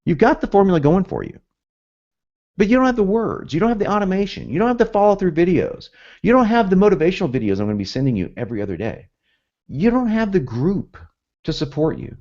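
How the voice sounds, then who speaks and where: Animated chatty man, lo-fi audio. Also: high-pitched, fast. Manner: animated, chatty, laughs often, acts out quoted lines. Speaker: copywriting teacher. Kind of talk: casual instructional talk. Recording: dull lo-fi audio.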